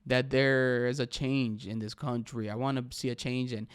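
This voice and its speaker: Saying "bro" a lot, a young podcast host gives casual, emphatic solo commentary on his own show. He speaks at a moderate pace with a medium pitch, a steady, clean tone, and no echo in the clean studio sound.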